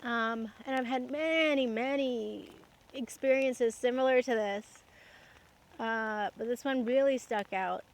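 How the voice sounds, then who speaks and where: A woman's voice: a little high, slow. A young woman from Canada telling personal stories in a casual, chatty way, laughing often and using lots of fillers. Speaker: podcast host. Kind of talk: casual storytelling monologue.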